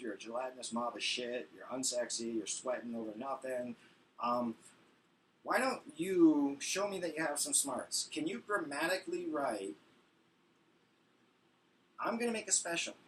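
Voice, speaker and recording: Man doing a yelling, insulting restaurant boss. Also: mid-range voice, recorded from a distance, a little hiss or hum, close to an everyday voice, poor audio. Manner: loud, insulting.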